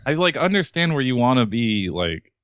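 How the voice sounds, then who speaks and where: A man's voice: mid-range voice, sing-song, normal speed, fairly bright tone, no room sound. A man co-hosting a podcast in casual chat, ranting in a profane, exasperated way. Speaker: podcast co-host.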